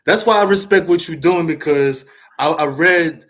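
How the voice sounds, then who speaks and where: A man's voice: fairly high pitch, moderate pace, fairly bright tone. A man hosting an interview, asking questions in a stumbling, encouraging way. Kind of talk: casual interview.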